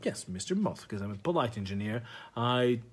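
A man voicing a prim male office engineer who is fussily polite and quick to take offence, with a husky voice. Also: mid-range voice, lively intonation. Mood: indignant.

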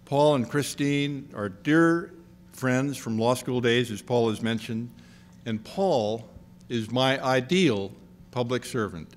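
An older man, the outgoing president of an institute, giving a measured, gracious after-dinner speech with touches of dry humor. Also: medium pitch, a little hiss or hum.

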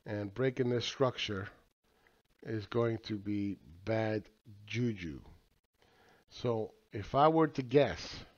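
A man's voice: fairly low pitch, slow, darkish tone. A man giving casual, crude market commentary, rambling with filler words, profanity and laughs. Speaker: market analyst. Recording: slightly dull lo-fi audio.

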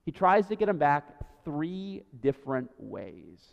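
High-voiced preacher in a reverberant church. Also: male voice, big pitch swings, unhurried, gravelly, clean tone. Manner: conversational preaching, often asks "right?". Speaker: pastor. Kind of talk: sermon. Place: church sanctuary. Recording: dull sound with long church reverb.

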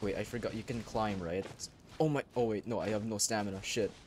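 Crude excitable young man gaming. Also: on the low side, a little fast, a little hiss or hum. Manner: crude, excitable, with sudden loud outbursts. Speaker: gaming YouTuber. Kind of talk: casual gameplay commentary. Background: faint game music.

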